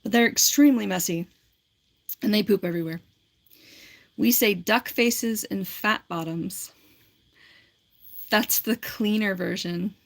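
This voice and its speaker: A woman's voice: medium pitch, vocal fry, fairly bright tone. A woman in her forties on a casual livestream, reading and answering viewer comments in a rambling, giggly way with lots of filler words. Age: 40s.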